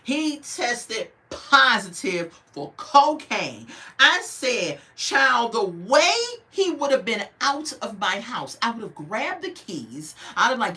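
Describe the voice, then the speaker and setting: Animated woman reviewing a TV show. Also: medium pitch, a little slow. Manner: animated, outraged, then emotional and soft. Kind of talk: casual commentary.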